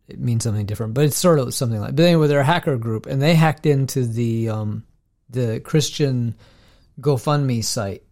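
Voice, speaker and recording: A man's voice: medium pitch, gravelly, darkish tone. A man co-hosting a podcast, telling stories in a rambling way with many restarts. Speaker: podcast co-host. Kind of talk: casual podcast chat.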